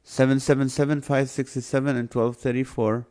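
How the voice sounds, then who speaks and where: A man's voice: mid-range voice, level tone, a little fast, darkish tone. A man hosting a live stream, reading out viewers' names and number guesses in a playful, joking way. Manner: reads viewer names and guesses aloud, runs a guessing game; jokey, playful. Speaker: livestream host.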